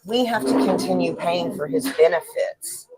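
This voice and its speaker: Female guest, slightly low voice, open and easy laughter. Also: moderate pace, crowd noise, rough recording. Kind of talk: casual chat. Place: taco restaurant, live show.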